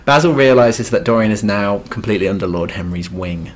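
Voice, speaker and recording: A man's voice: fairly low pitch, fairly quick. Wry man co-hosting a literature podcast. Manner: wry, dry humor with laughing asides. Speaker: podcast co-host. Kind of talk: casual literary recap chat.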